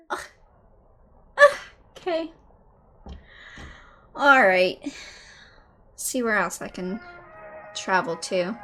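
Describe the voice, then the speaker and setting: High, lively woman playing a game. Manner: chatty, talks to herself and to the game characters. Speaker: gaming streamer. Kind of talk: let's-play commentary.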